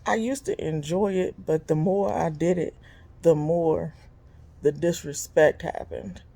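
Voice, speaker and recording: Animated, exasperated woman venting on camera. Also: measured pace, vocal fry. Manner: animated and exasperated, big jumps in pitch when quoting people; blunt and conversational, with frequent laughs. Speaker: vlog host and business owner. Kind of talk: casual venting monologue.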